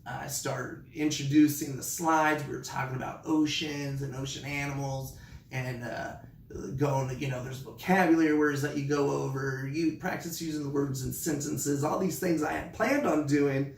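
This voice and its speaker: A man who teaches online, telling a story in a casual vlog with animated delivery. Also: mid-range voice, moderate pace, creaky, echoey room, recorded from a distance, slight background noise. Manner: animated, acts out his classroom voice.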